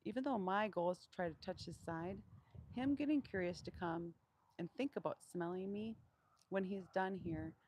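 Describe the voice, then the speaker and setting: A woman training a wild donkey in an outdoor pen, speaking calmly and keeping her voice deliberately monotone as she explains each step. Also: slight background noise, rough recording. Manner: calm, low-key, deliberately monotone. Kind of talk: live training demonstration.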